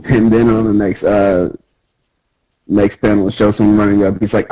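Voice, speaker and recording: A man's voice: lowish voice, level tone, normal speed, dark tone. A young man co-hosting a gaming podcast, rambling casually through manga recaps with many fillers. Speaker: podcast co-host. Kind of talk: casual chat about manga. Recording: lo-fi podcast audio.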